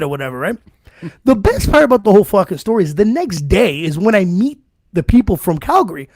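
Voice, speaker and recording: Man, high voice, gravelly, profane storyteller, dry close sound. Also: animated, fast, a little mellow, dry recording. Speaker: podcast co-host. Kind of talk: casual podcast chat.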